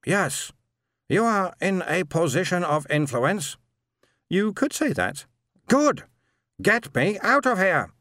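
A man's voice: high-pitched, sing-song, slow pace, long pauses, fairly bright tone, no room sound, studio quality, voice pushed up, heavily acted. A man voicing a wary, terse four-shouldered alien man, reading a story aloud. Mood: impatient.

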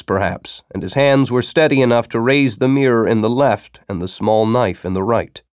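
A male storyteller reading dramatically, with a widely swinging pitch. He moves from hushed narration to urgent, shouted lines. The recording is dry and close. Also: no room sound. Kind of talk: audiobook narration.

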